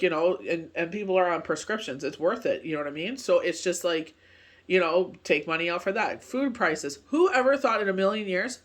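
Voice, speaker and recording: A woman's voice: on the low side, a bit bright. Chatty woman giving a tarot reading. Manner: chatty, rambling, constant filler phrases. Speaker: tarot card reader. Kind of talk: casual tarot reading chat. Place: speaking from Canada.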